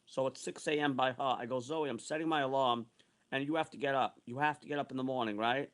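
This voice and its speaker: A man's voice: medium pitch, fairly even intonation, quick pace. A man in his sixties ranting angrily and repetitively, cursing often and repeating himself as he tells a grievance. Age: 60s. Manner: heated, repetitive, profane ranting. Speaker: online streamer. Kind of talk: angry ranting monologue.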